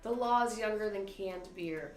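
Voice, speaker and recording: A woman's voice: mid-range voice, normal speed. A woman hosting an online trivia livestream, giggling often as she reads questions and chats. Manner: giggly, laughs often while reading questions. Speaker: trivia host. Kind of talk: casual trivia livestream chat. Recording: roomy echo with faint music.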